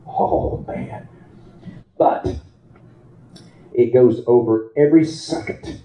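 A man's voice: medium pitch, slow, long pauses. A man preaching a sermon in a church, telling folksy stories and turning them into fervent exhortation. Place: church sanctuary. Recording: roomy, dull lo-fi church recording.

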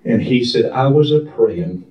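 A man's voice: medium pitch, lively intonation, unhurried, muffled recording. A man preaching in a church, fervent and rhythmic, repeating his phrases. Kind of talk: sermon. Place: church sanctuary. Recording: echoey hall from far off.

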